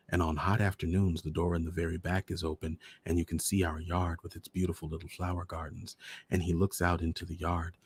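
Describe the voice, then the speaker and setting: A man hosting a storytime show, reading a short story aloud in a measured, deliberate way. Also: deep voice, darkish tone, slight background noise. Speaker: storyteller host.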